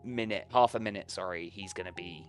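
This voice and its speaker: A man's voice: deep voice, brisk, faint music behind. A man narrating and running a tabletop horror game as game master, loose and casual with swearing and filler ums.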